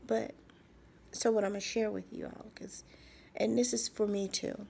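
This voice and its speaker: A woman speaking in a halting, soft personal video diary, often dropping to a whisper and repeating herself as she searches for words. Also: mid-range voice, little pitch movement, gravelly, slight background noise. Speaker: vlogger.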